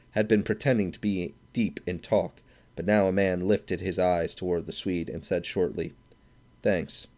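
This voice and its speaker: A man narrating a classic short story aloud in a measured, steady audiobook reading. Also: deep voice. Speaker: audiobook reader.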